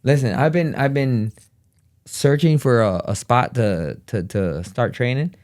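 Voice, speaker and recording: A man's voice: medium pitch, unhurried. A man telling a family story in casual chat, acting out the people in it and laughing often. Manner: animated, acts out quotes in different voices. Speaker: family vlogger.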